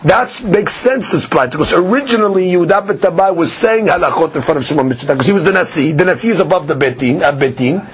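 A man teaching a daily Talmud lesson, reading Aramaic lines and explaining them in in an animated way. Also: a little high, fast talker, hardly any pauses. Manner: explains Aramaic text line by line in English, animated. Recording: muffled lo-fi podcast recording.

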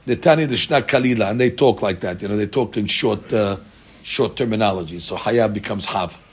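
A man's voice: fairly low pitch, brisk, slightly rough. A man teaching a daily Talmud class, reading out Aramaic text and explaining it in casual English with rhetorical questions and many fillers.

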